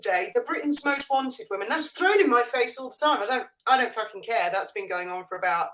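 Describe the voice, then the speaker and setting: A woman's voice: fairly high pitch, expressive, brisk, fairly bright tone. A woman guest on a livestream, talking bluntly and animatedly in casual chat.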